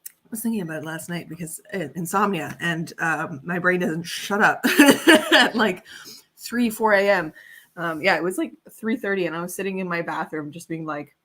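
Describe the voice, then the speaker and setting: A young woman hosting a casual livestream, talking in a loose, chatty way and giggling often. Her voice has a bright, forward edge. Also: lowish voice, normal speed. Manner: chatty and giggly, lots of fillers. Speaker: livestream host and author. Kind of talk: casual chat on a writing livestream.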